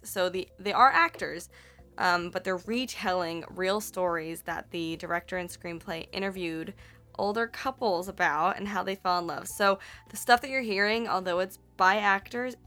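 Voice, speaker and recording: Bright-voiced woman casually recapping a movie. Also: fairly low pitch. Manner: chatty and rambling, self-correcting, playful swearing.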